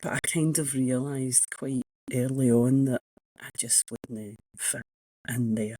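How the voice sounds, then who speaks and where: A woman's voice: very deep voice, steady tone, measured pace, mellow, a little hiss or hum, rough recording. A Scottish woman in her sixties, an economics professor telling frank, self-mocking stories as a guest in a casual interview. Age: 60s.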